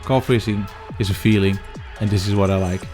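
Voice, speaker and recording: Earnest low-voiced angler talking to camera. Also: male voice, fairly even intonation, a little fast, a little mellow, faint music behind. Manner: earnest, addresses viewers as "boys", slightly non-native phrasing. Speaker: angler and filmmaker. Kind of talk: reflective talk to camera.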